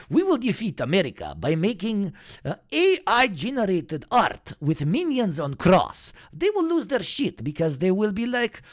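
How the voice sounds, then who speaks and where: A man's voice: huge pitch swings, a little slow, hardly any pauses, a bit bright, exaggerated voice. A man putting on the voice of a bumbling male supervillain who talks in broken English. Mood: grandiose. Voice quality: high, squeaky, clipped broken phrasing.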